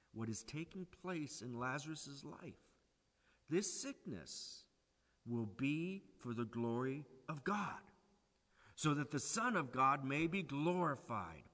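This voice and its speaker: A man preaching a sermon, swinging from loud pleading to hushed emphasis. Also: medium pitch, big-room sound.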